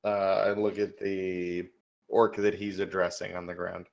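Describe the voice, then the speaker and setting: A man playing in a tabletop game, speaking quietly and offhandedly. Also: low-pitched, little pitch movement, normal speed, vocal fry. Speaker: player. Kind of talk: casual tabletop play.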